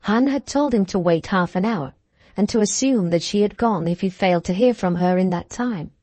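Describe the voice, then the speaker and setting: A woman reading a classic novel aloud in calm, even audiobook narration, at a middle pitch. The recording is dry and close, with no room sound. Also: normal speed, no room sound.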